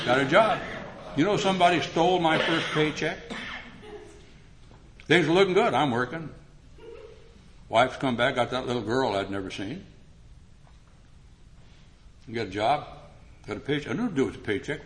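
Older male speaker at a meeting, humorous story delivered with lively acted-out dialogue, mid pitch. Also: normal speed, long pauses, a little hiss or hum. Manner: animated, rises in pitch when acting out dialogue. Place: meeting room before an audience.

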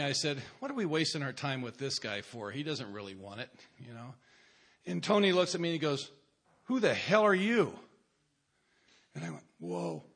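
A man's voice: fairly high pitch, a bit bright. Wry man telling a story. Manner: wry, self-mocking storyteller. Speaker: recovery meeting speaker. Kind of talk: humorous personal story to a meeting.

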